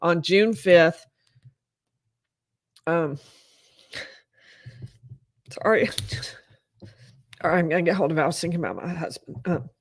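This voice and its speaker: A woman's voice: on the low side, slow, long pauses, dry recording. A woman host giving live legal commentary. She reads from her notes and comments on them thoughtfully, correcting herself now and then. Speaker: lawyer and show host.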